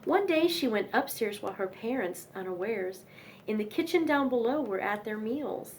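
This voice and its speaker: A woman's voice: a little high, lively intonation, moderate pace, slight background noise. A young woman reading nursery rhymes aloud in a sing-song manner, with chatty asides between poems.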